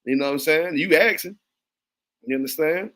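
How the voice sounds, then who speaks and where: A man's voice: a little high, moderate pace, a bit bright. A man, teaching a religious class in a blunt, profane preaching style, often asking if the listener understands. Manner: blunt, repetitive, keeps asking "you understand me".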